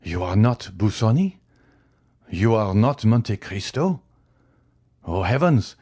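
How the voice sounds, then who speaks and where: A man voicing a frantic, grief-stricken older magistrate who cries out in high, strained bursts. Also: very animated, slow, warm tone, heavily acted.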